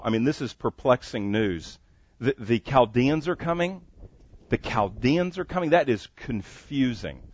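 A man's voice: mid-range voice, dry recording, lo-fi sound. A man preaching a sermon, reading scripture aloud and pressing each point with earnest emphasis. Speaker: pastor.

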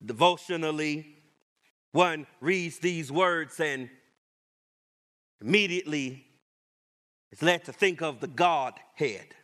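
A man preaching a sermon as pastor, with emphatic, rising declarations and deliberate repetition. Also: fairly high pitch, fairly bright tone.

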